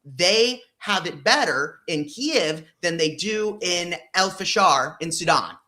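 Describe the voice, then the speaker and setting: Bright, emphatic man in casual talk. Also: high-pitched, lively intonation, slow. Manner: emphatic, profane, many fillers. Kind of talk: casual discussion.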